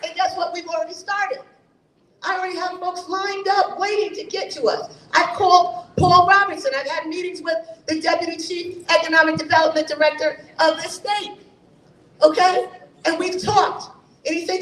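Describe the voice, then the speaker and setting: Woman mayoral candidate, very high voice, emphatic stump speech, echoey room from far off. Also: fairly even intonation, normal speed, fairly bright tone. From New Haven, Connecticut. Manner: emphatic, rousing, rhetorical questions. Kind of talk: campaign forum speech.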